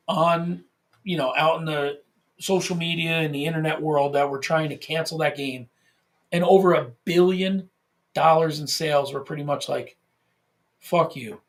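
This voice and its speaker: A man's voice: a little high, vocal fry. A man co-hosting a casual podcast, talking animatedly, swearing freely and restarting his phrases. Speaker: podcast co-host.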